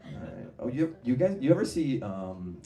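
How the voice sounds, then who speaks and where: A man's voice: mid-range voice, very animated, moderate pace, reverberant. A man doing a stand-up comedy set on a club stage, rambling through tangents and laughing at his own jokes. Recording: distant mic, noisy live room.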